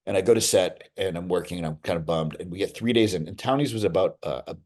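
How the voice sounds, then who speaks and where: Middle-aged male actor guest, lower voice, rambling anecdotes, lots of restarts. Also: quick pace. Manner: animated storyteller, many restarts and asides. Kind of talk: casual interview storytelling.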